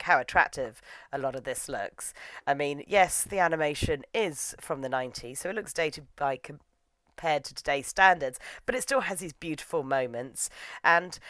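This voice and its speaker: A woman's voice: sits low, no room sound. Wry, chatty woman recapping anime. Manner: chatty and wry, full of asides. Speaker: anime reviewer. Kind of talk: casual comic plot recap.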